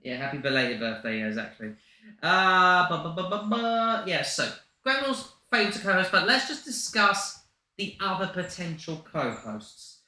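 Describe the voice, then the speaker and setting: A man's voice: high-pitched, big pitch swings, bright, forceful tone, reverberant. A young man co-hosting a livestream in casual, joking chat. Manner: chatty, quick to joke. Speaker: livestream co-host.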